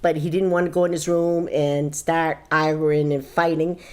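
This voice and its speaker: A woman's voice: sits low, moderate pace, clear, resonant tone. A middle-aged woman, a bereaved mother, recounting a family story in an interview and acting out the voices in it. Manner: animated storytelling, acts out voices in quotes. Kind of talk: emotional interview recollection.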